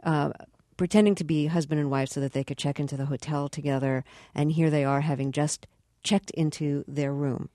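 A woman hosting an interview, asking questions in a measured, curious way and setting up clips. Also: low-pitched, fairly even intonation, dark tone, no echo. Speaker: interview host.

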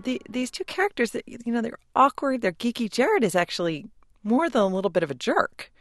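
Crisp radio host, wry delivery. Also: medium pitch, expressive, a little fast, fairly bright tone, faint music behind. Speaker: radio interviewer. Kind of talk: radio interview and scripted narration.

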